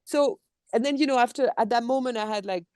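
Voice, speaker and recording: Animated French-accented woman. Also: a little high, fast, dry recording, clean studio sound. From France. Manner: animated, expressive, acts out quotes. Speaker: guest, voice director and actor. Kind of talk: casual interview chat.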